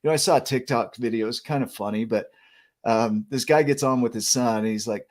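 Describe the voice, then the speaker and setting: A man's voice: mid-range voice, darkish tone. Easygoing jokey male host. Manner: easygoing, jokey, quick affirmations. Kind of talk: casual chat.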